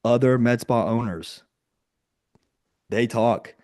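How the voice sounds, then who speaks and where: A man coaching a group over a video call in a slightly low voice. He talks with punch and keeps asking rhetorical questions. He acts out imagined conversations with bright, raised voices. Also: slow pace, pauses often. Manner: energetic, emphatic, fires rhetorical questions; acts out quoted lines in sudden higher voices. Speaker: marketing coach.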